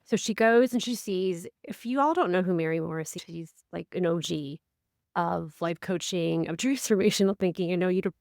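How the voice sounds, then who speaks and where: A woman co-hosting a casual podcast, a life coach who tells stories with lively, acted-out quotes. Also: normal speed, gravelly, dry recording, studio quality. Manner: animated storyteller, acts out quotes with big pitch swings.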